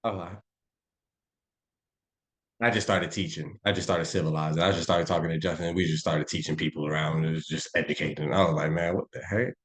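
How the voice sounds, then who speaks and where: A man on a live stream breaking down trading charts in a loose, slangy, profane and animated way. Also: extremely low pitch, fairly quick. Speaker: trading educator.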